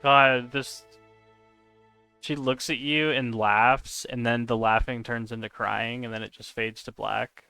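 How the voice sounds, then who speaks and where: A man's voice: medium pitch, fairly even intonation, a little slow, gravelly, bright, forceful tone, smooth, dry recording, soft background music. A man chatting casually while live-streaming a game, answering chat and laughing often.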